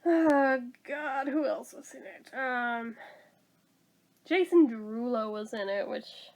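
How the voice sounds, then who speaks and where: A woman's voice: fairly high pitch, slow pace, a little mellow. A woman giving a casual movie review, sarcastic and blunt, swearing freely.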